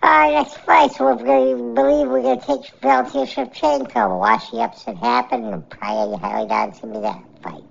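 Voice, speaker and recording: A woman giving casual, joking MMA fight picks and grades, animated and laughing often, on a dull lo-fi recording. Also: on the high side, fairly quick, gravelly, few pauses.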